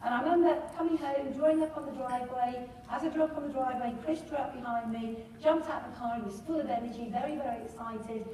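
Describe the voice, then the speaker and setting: Woman, middle-aged, motivational storytelling, mellow higher voice, distant in a big echoey hall. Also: fast talker, hardly any pauses, slight background noise. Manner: lively storyteller who asks the audience questions. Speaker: speaker at a business training event. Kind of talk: motivational storytelling talk to a live audience. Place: large hall with a live audience.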